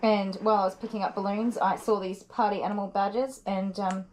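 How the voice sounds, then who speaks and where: A woman calmly reassuring a dog while grooming, often hushing and whispering. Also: mid-range voice, a little fast. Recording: roomy, distant, with noisy background.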